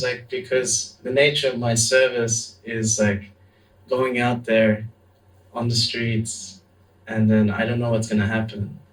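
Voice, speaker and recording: A young adult man, a monk, telling a story in a lively, laughing way with lots of fillers. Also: mid-range voice, recorded from a distance. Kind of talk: storytelling talk. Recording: echoey room, voice from off-mic.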